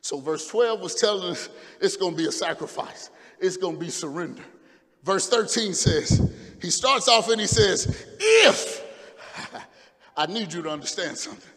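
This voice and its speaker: A male pastor preaching a fervent sermon, dropping to quiet asides and rising to shouts. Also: high-pitched, moderate pace, long reverb tail. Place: church sanctuary.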